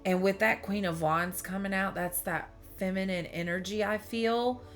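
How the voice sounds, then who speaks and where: A woman's voice: medium pitch, fairly even intonation, moderate pace, faint music behind. Rambling, emotional woman tarot reader. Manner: rambling, emotional, with frequent restarts. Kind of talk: candid personal storytelling to viewers.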